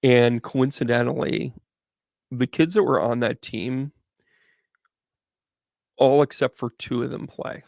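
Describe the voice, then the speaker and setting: A man's voice: medium pitch, fairly even intonation, slow pace, gravelly, pauses often, a little mellow, no echo, clean studio sound. A middle-aged man, hosting and telling a rambling story in a chatty way, with frequent restarts. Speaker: host, medium. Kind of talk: casual storytelling to a live audience.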